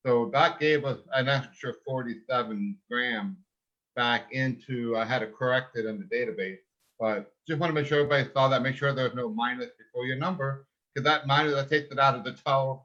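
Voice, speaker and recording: A man's voice: mid-range voice, fairly bright tone, muffled recording. A man on a video call giving a casual live update, moved and holding back emotion as he explains things. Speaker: panelist reporting the tally.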